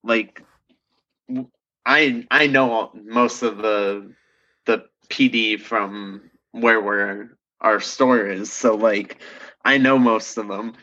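A man in casual chat, full of quick asides and filler words. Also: fairly low pitch, fairly even intonation, sharp tone, dull audio.

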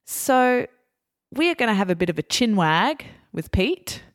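A woman with an Australian accent hosting a podcast, upbeat and explaining slang slowly and clearly. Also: on the high side, big pitch swings. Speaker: podcast host. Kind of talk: scripted podcast intro and interview.

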